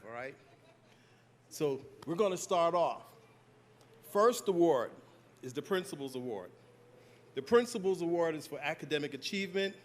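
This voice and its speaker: A man's voice: on the high side, slight background noise. An older man on a school's staff presenting graduation awards, jovial and joking with the crowd.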